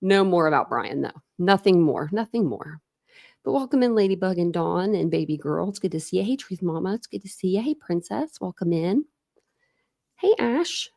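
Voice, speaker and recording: A chatty woman in her thirties talks casually to her livestream viewers, greeting them by name and laughing often. Her voice sits a little low, and the sound is dry and close. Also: animated, fairly quick, gravelly, hardly any pauses, a little mellow, no echo. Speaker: true crime livestream host.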